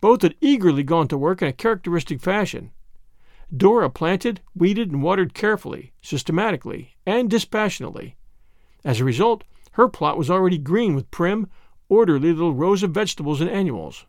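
A man narrating a storybook in an expressive reading. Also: high-pitched, a little fast, no echo, studio quality. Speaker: audiobook narrator. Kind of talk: scripted narration.

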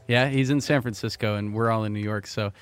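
A man's voice: fairly low pitch, steady tone, fairly quick, clear, resonant tone. A man co-hosting a casual podcast, bantering loosely and joking with his partner before leading an interview. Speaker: podcast co-host.

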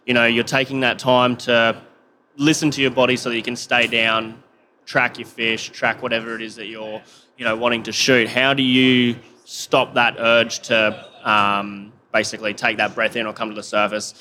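A man's voice: mid-range voice, sharp tone. Hesitant man asking a question. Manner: hesitant, many ums. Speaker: audience member asking a question.

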